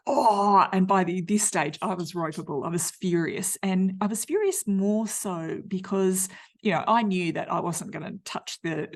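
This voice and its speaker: Aussie woman in her 50s, podcast host telling her story, lowish gravelly voice, blunt and chatty. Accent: Australian. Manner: candid and chatty, full of fillers like "you know" and "like"; blunt and slangy. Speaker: podcast host, menopause nutritionist. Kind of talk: personal storytelling monologue.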